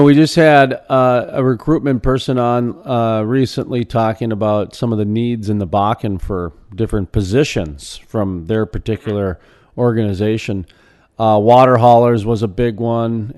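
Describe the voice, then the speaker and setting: A man's voice: lowish voice, a little mellow. A man hosting an interview, asking long rambling questions with restarts. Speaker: radio show host.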